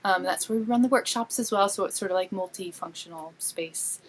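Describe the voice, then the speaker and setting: A woman's voice: mid-range voice, brisk, a little hiss or hum, low-quality recording. A woman guest who dyes yarn, chatting casually in an easygoing, self-deprecating way. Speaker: podcast guest, yarn dyer. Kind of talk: casual chat.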